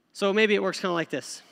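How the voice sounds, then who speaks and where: A man's voice: high-pitched, gravelly, a bit bright, in a large hall. A man preaching a sermon in a conversational way, checking in with "okay?". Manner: conversational, acts out voices, frequent "okay?".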